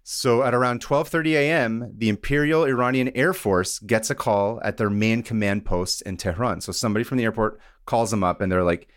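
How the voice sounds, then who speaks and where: A young man with a somewhat low voice hosts a relaxed podcast conversation. He wanders through his story with side notes and laughs at his own jokes. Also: brisk, hardly any pauses, no echo, studio quality. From Iran. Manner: rambling, laughs often, jokey asides. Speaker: podcast host. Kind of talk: casual storytelling chat.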